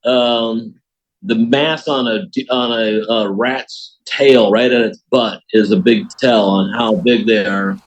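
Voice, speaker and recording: An American man, a podcast guest, telling a story in a folksy, animated way. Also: medium pitch, takes it slowly, low-quality recording. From United States. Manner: animated storyteller, folksy, laughs at his own tale. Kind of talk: casual storytelling.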